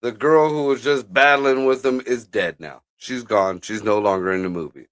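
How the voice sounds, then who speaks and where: A man's voice: medium pitch, moderate pace, fairly bright tone. A man co-hosting a live movie watch-along, talking bluntly and profanely as he explains what happens on screen. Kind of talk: casual chat, movie commentary.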